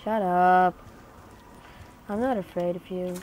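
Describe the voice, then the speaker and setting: A woman's voice: lowish voice, fairly even intonation, slow, highs cut off. A young woman who is not a native English speaker gives casual commentary on her gameplay. She chats along and breaks into startled exclamations. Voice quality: chatty, bursts into startled exclamations. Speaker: gaming channel host. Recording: noisy home game recording.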